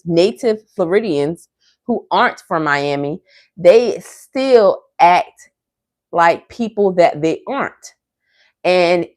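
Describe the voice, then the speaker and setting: A woman's voice: fairly low pitch, dry recording. A woman hosting a livestream, ranting bluntly and profanely to her viewers in casual chat. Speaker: livestream host. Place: Miami area.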